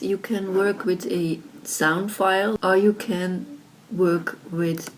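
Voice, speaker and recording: A woman explaining audio software in a casual tutorial, recorded on her laptop's built-in microphone, chatty with lots of fillers. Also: mid-range voice, fairly even intonation, slow pace, few pauses, a little hiss or hum. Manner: chatty, many fillers like "like" and "you know".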